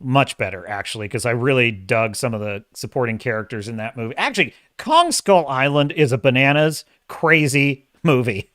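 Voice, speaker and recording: A podcast host on a live-stream show talks through a movie review at a moderate pace with hardly any pauses, in a mid-range voice. Animated and opinionated, he rambles and often corrects himself mid-thought. The recording is dry and studio quality.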